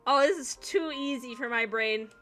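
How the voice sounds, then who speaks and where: Bright, sleepy woman streamer chatting. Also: high voice, moderate pace, soft background music. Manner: animated, swears casually, laughs often. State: sleepy, yawning. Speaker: game streamer. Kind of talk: casual chat while playing a video game.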